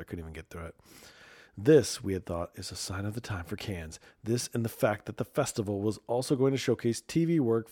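A man with a lowish, mellow voice hosts a casual talk show. He rambles through the stories with sarcastic asides and mutters under his breath. The sound is dry and close to the mic. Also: no room sound. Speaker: podcast host. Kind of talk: casual commentary and news reading.

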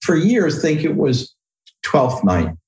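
A man's voice: fairly high pitch, huge pitch swings, takes it slowly, darkish tone, roomy sound, poor audio. A man being interviewed, talking in a hesitant, thoughtful way and reciting verse with feeling. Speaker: guest. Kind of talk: conversational interview.

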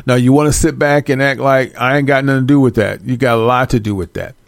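A man's voice: medium pitch, steady tone, quick pace, gravelly, no echo. A man preaching in a blunt, profane and scolding way, stopping to read scripture aloud and repeating words for stress. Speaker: religious teacher. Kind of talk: street-style preaching with scripture reading.

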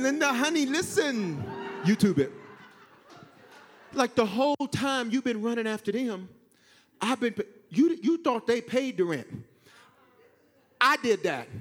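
A male pastor preaching a sermon, calling on the congregation to answer and touch their neighbor, swinging between shouts and hushed asides. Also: very high voice, measured pace, pauses often. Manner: animated, swings from shouting to hushed, acts out God's voice; call-and-response with congregation.

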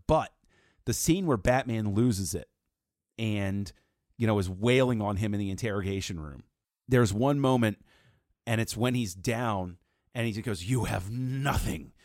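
A man's voice: on the low side, normal speed, a little mellow, no echo, studio quality. A man talking through a film analysis in casual podcast conversation, building his points with restarts and fillers. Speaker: podcast co-host.

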